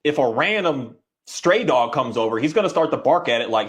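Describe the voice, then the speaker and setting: A man's voice: medium pitch, animated, brisk. A man who trains dogs, talking casually and rambling, with many restarts and little voices acted out for dogs. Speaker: dog trainer. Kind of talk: casual conversation.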